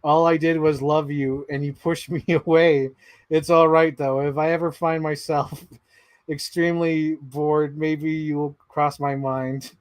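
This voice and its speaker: A man's voice: fairly high pitch, flat delivery, unhurried, no echo. A man in his thirties hosting a livestream, reading his yearbook signings aloud, laughing, swearing and getting sidetracked, a bit out of breath. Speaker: livestream host.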